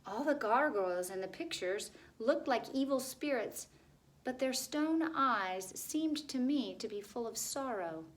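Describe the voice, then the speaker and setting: A woman's voice: fairly high pitch, lively intonation, unhurried, pitched above the performer's own voice. A woman voicing a determined young girl speaking earnestly. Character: brave young girl Dakin climbing.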